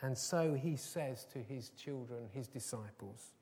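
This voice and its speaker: A man's voice: mid-range voice, unhurried, few pauses, warm tone. Earnest man preaching a sermon. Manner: earnest, rising to emphatic repetition.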